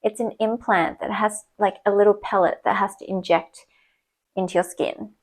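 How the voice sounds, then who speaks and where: A woman's voice: mid-range voice, steady tone, normal speed, low-quality recording. Young woman, casual vlog narrator, candid and chatty, mid-range voice. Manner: chatty, candid storytelling, retelling dialogue. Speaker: vlogger. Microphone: small clip or desk mic, sometimes knocked.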